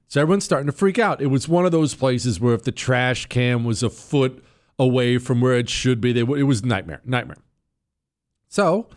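A middle-aged man telling a defiant, rambling story as a podcast guest in casual storytelling. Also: medium pitch.

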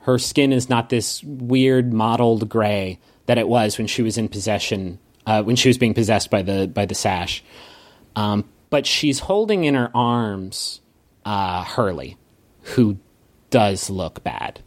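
Low-voiced male game master. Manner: descriptive, unhurried scene-setting. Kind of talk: narrating a tabletop game.

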